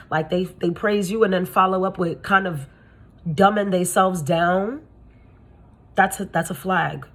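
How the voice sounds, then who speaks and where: A young adult woman, a spiritual reader, giving blunt, profane and slangy advice in a casual monologue. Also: a bit bright. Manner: acts out quoted people in high gushing voice.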